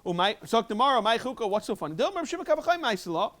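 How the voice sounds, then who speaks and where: A man, a rabbi teaching a Talmud review class and explaining in a quick, animated way. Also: extremely high pitch. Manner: quick, animated explaining with sudden emphatic jumps. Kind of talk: Talmud lecture, English mixed with Hebrew and Aramaic terms.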